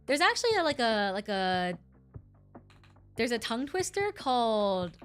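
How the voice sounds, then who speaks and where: A woman streamer rambles through an explanation for her chat and keeps correcting herself as she goes. Her voice sits a little high and swings widely in pitch. Soft music plays faintly underneath. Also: unhurried. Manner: animated, rambling, self-correcting.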